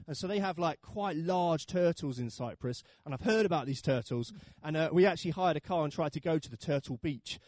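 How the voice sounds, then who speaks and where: A pastor in his thirties tells a story in his sermon with plenty of humour. His voice swings widely in pitch, sitting fairly high for a man. The sound is dry and close, with almost no room echo. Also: a little fast, few pauses. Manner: lively, humorous storytelling with acted quotes.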